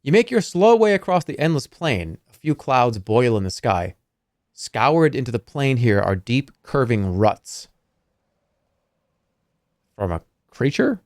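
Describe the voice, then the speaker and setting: Expressive male streamer narrating a text game: animated delivery, dry close sound. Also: medium pitch, measured pace, long pauses, no room sound. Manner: lively, playful and expressive. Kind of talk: reading game text aloud and commenting.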